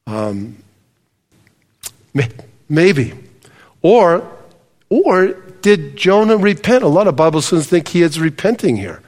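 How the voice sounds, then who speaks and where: A man's voice: sits high, very animated, unhurried, a little mellow. Man preaching in a reverberant hall. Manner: conversational preaching, addresses congregation directly. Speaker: pastor. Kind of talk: sermon. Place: church hall with congregation.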